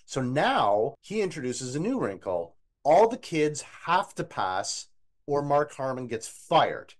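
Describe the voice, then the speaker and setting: A man co-hosting a podcast, reviewing an eighties movie in casual chat, opinionated and animated. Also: medium pitch, takes it slowly. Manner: animated, opinionated, quotes scenes in a put-on voice. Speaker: podcast co-host.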